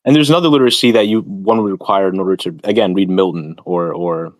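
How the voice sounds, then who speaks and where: A man's voice: low voice, quick pace, a little mellow, dry recording. A man hosting a stream, chatting casually about philosophy and academia in a rambling, digressive, lecturing way with many fillers. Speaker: streamer host.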